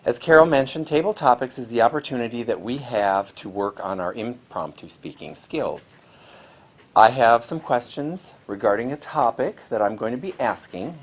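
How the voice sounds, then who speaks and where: Low-voiced man leading a meeting segment. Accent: Midwestern American. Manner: formal then chatty, explaining at length. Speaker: table topics master. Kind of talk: meeting speech. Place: small TV studio.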